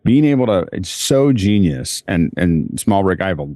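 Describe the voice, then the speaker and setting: A man's voice: low-pitched, sing-song, normal speed, dark tone, dry recording, studio quality. A man on a tech podcast panel, chatting casually about gear in a rambling way with many restarts.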